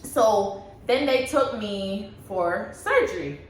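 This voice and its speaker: A young woman vlogger casually telling a personal story, animated and laughing often as she acts out what she said. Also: mid-range voice, takes it slowly. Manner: animated, laughs often, reenacts her own past words. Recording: echoey room with faint background hum.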